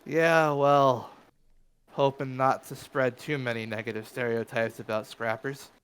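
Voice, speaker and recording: A man's voice: medium pitch, steady tone, measured pace, fairly bright tone, clean tone, close to an everyday voice. A man voicing a proud, easygoing male scrapper bartender who talks casually with hesitant fillers. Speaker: game master voicing a character.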